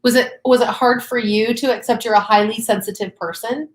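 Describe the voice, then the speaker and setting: A woman's voice: a little high, steady tone, brisk. Earnest woman co-host explaining steps. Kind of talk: casual teaching chat.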